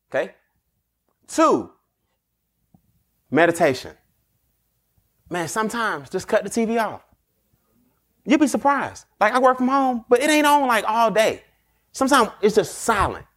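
The podcast host, whose voice sits high, offers street-wise motivational advice with plenty of animation. He acts out snappy exchanges and laughs a lot.

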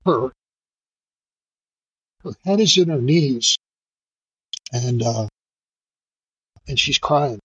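Here a middle-aged male firefighter on a podcast recounts a raw, emotional tale, swearing and rambling with plenty of fillers. His husky, medium-pitched voice is slightly bright, captured in a rough recording with no room sound.

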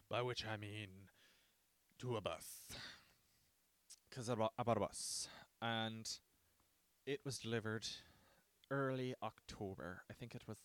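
A man's voice: medium pitch, unhurried, long pauses, fairly bright tone, smooth. A man hosting a podcast on his own, rambling casually, joking and swearing. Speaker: podcast host. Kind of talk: casual solo podcast chat.

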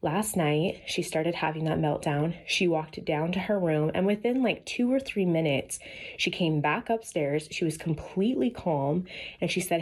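A woman, a mother in her thirties, talks in an earnest, heartfelt way about family and faith, rising high when she gets excited. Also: moderate pace. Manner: earnest, animated, rising to a high pitch on excited or quoted lines. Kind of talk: casual heartfelt talk.

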